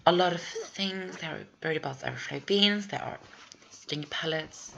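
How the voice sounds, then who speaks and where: Brief: woman gamer, low gravelly voice, chatty walkthrough commentary. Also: moderate pace, fairly bright tone, highs cut off, a little hiss or hum. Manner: rambling, chatty, thinks aloud. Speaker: video game walkthrough player. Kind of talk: casual gameplay commentary.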